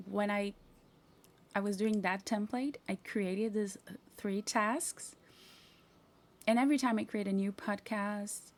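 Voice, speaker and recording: Chatty woman with a gravelly voice. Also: mid-range voice. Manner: chatty, self-mocking, talks to herself while clicking. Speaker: software tutorial host. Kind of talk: casual screen-share tutorial.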